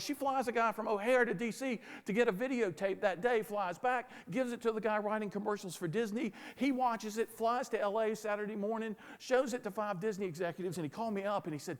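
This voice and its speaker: A man with a Southern American accent telling a lively story to an audience, acting out the dialogue as he goes. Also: sits high, fairly quick, long reverb tail. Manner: animated, plays out dialogue in the story. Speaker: speaker. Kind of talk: storytelling keynote talk.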